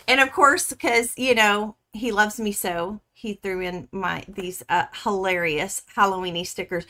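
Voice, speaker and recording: A woman hosting a quilting livestream from her home studio, gushing and chatting excitedly with viewers as she unboxes fabric. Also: mid-range voice, measured pace, hardly any pauses. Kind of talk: casual live stream chat.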